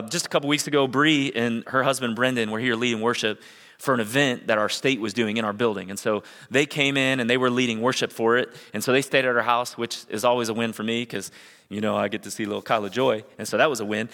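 A middle-aged man preaches a sermon to his church, moving from easy personal storytelling into energetic emphasis. His voice is bright and forceful, and it rings with the long reverb of a large hall. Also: medium pitch. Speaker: pastor.

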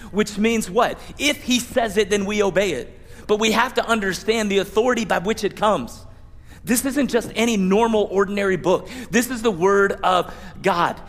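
A male pastor preaching a sermon in a church, conversational and animated, acting out mock prayers and asking rhetorical questions. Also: sits high, in a large hall. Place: church sanctuary.

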